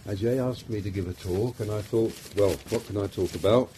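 Rambling London-accented man, mellow voice. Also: lowish voice, a little fast, a little hiss or hum. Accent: London English. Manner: rambling, self-deprecating, many fillers. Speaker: psychiatrist giving a talk. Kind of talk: informal talk to a group.

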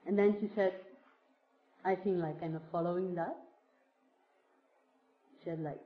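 Slow, searching woman in a roomy space. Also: fairly low pitch. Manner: slow, searching, many fillers like "like". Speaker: speaker sharing a teacher's words with a group. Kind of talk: reflective spiritual talk. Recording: roomy, dull lo-fi sound.

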